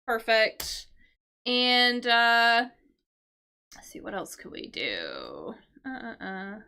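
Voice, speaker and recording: A woman's voice: fairly high pitch, huge pitch swings, extremely slow, sharp tone, clear, resonant tone. A woman teaching English vocabulary through a crossword, explaining patiently with fillers and check-in questions. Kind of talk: casual livestream lesson solving a crossword.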